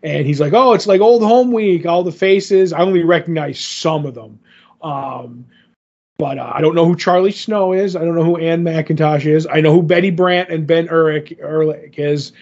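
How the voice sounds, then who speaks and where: A man's voice: on the high side, steady tone, moderate pace, a little mellow. A man co-hosting a casual podcast, rambling through a comic recap with lots of fillers and acted-out quotes. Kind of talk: casual chat. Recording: dull lo-fi audio.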